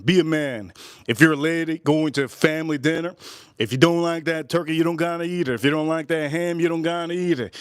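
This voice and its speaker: A man in his forties hosting a livestream, rambling and joking loudly as he talks straight to his chat. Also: fairly high pitch, dry recording, studio quality. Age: 40s. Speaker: livestream host.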